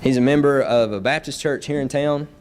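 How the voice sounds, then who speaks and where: A man's voice: medium pitch, fairly quick, darkish tone, a little hiss or hum. A young man preaching a sermon in a church, earnest and building his points through repeated phrases. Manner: earnest, repetitive emphatic phrasing.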